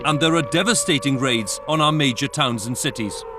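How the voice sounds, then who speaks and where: Welsh male documentary narrator, measured and earnest, over clear music. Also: medium pitch. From Wales. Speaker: documentary presenter. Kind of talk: scripted narration. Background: background music.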